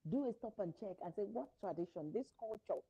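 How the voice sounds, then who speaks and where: A woman's voice: medium pitch, expressive, fairly quick, warm tone, slightly rough, poor audio. A woman giving an earnest motivational talk to parents as a parenting coach, repeating her phrases for emphasis.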